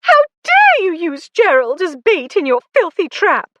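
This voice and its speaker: Woman voicing a shrill, furious young lady. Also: huge pitch swings, a little slow, a bit bright, dry recording, full character voice. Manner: shrill, indignant. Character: outraged young English woman.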